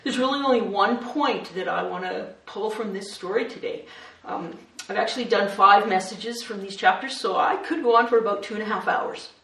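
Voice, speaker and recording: A woman preaching a sermon, retelling a story, shifting between hushed and lively. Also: mid-range voice, moderate pace, gravelly. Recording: roomy echo, distant mic.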